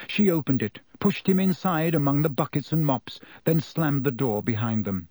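Man narrating an audiobook, warm husky voice. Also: on the high side, normal speed, dry recording. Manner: expressive storytelling. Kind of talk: scripted narration.

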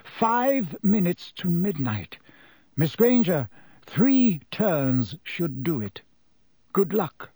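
Brief: calm old wizard headmaster, deliberate and clear, warm husky tone, read by a man. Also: sits high, no room sound, voice pushed up, full character voice. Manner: slow, quiet and very clear. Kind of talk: audiobook character voice.

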